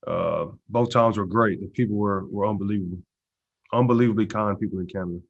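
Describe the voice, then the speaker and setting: A football player answering press questions in a relaxed, low-key way, with lots of "you know" and "uh" fillers. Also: male voice, fairly quick, vocal fry. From Texas. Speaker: pro football player at media day. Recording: dull lo-fi stream audio.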